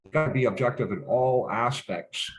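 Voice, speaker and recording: A man's voice: mid-range voice, normal speed, slight background noise, low-quality recording. A man from Canada talking in a casual interview, rambling with many restarts and fillers and swearing bluntly. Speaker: guest.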